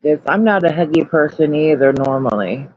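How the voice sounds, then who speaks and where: A woman's voice: low voice, animated, normal speed, darkish tone, no room sound, lo-fi sound. A woman chatting casually on a live stream, candid and rambling, and often putting herself down. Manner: candid, rambling, self-deprecating. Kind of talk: casual chat.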